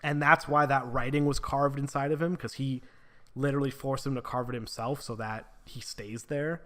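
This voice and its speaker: A man's voice: medium pitch, fairly even intonation, normal speed, pushed and bright. Male book reviewer, mid-range voice, casual and profane, heavy on filler words. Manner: casual, swears freely, many filler "like"s.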